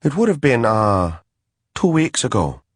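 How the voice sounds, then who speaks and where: A man's voice: medium pitch, sing-song, a little slow, breathy edge, dry recording, studio quality, voice pushed up. A man reading an audiobook, voicing a nervous male informant who hedges anxiously. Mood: uneasy. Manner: anxious, hedging.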